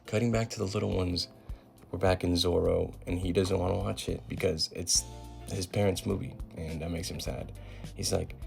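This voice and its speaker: A man's voice: low-pitched, steady tone, moderate pace, gravelly, faint music behind. A man giving a casual, slangy recap of a comic, paraphrasing each scene in an offhand storytelling way. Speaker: comic book recap host.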